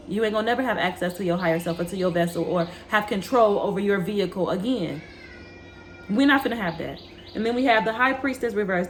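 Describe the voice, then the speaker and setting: A woman's voice: medium pitch, slight background noise. Fiery, profane woman giving a tarot reading. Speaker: tarot reader.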